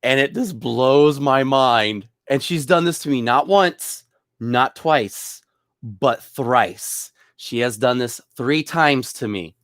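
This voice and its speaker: A man's voice: medium pitch, takes it slowly, a bit bright, dry recording, studio quality. A young man, a bartender, telling rambling stories from work in a casual way, often chuckling. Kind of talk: casual storytelling.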